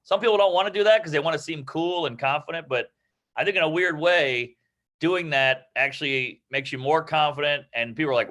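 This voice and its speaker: A guest comedian from New York gives casual stand-up advice in an online comedy class, speaking fast and brash. His voice is bright and forceful and pitched a bit high for a man. He swears freely and keeps mocking himself.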